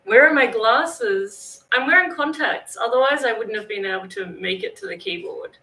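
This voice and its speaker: A woman with an Australian accent greets her livestream viewers by name in casual chat from her home in northern Thailand. She speaks at a moderate pace in a slightly high voice with a sharp tone, captured on a low-quality recording.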